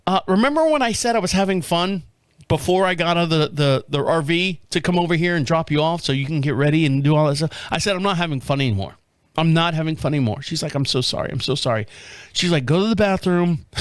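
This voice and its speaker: A man's voice: on the high side, fairly bright tone, clear, resonant tone, dry recording. Profane storytelling man, close dry mic. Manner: profane, rambling anecdote with acted-out dialogue. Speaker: podcast host. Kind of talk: casual storytelling.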